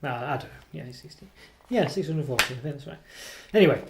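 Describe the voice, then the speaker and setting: A man's voice: medium pitch, animated, fast, vocal fry, noisy background. A man casually reviewing a chocolate product. He rambles and hesitates, full of ums and self-corrections, and pokes fun at himself. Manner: self-deprecating.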